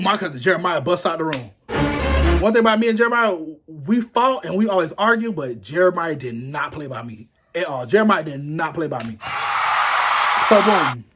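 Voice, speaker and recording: A young man casually telling a story to the camera, animated and acting out what people said, laughing often. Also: on the high side, slightly rough. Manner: animated, acts out quotes in raised voices, laughs often.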